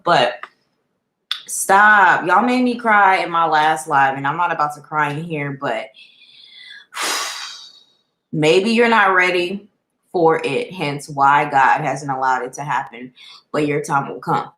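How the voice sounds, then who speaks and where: A woman's voice: low-pitched, takes it slowly, long pauses, a bit bright, roomy sound, rough recording. A woman chatting casually on a live stream, speaking heartfelt and straight to her viewers and answering their comments.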